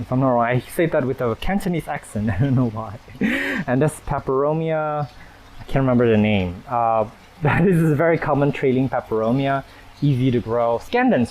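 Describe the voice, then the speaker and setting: A man's voice: medium pitch, a little mellow, poor audio. A man hosting a casual walkthrough of his plant collection, chatty and self-deprecating, laughing often as he moves among the plants. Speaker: plant channel host. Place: indoor plant collection and nursery.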